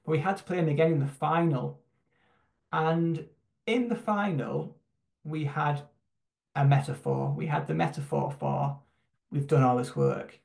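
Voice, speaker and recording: Reflective man, gravelly, roomy echo. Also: on the high side, darkish tone. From United Kingdom. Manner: reflective, halting, with frequent fillers and restarts. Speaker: church human rights team member. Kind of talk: personal testimony talk on a video call. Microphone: video call. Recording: roomy echoing sound.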